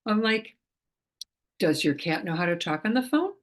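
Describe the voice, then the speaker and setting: A middle-aged woman, an animal communicator, explaining her work in a casual talk to camera, chatty with frequent restarts and soft laughs. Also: medium pitch, very animated, moderate pace.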